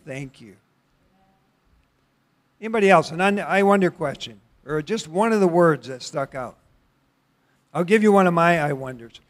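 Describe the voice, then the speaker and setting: A middle-aged man leading an interactive church Bible study, talking conversationally with questions to the congregation and halting restarts. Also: fairly high pitch.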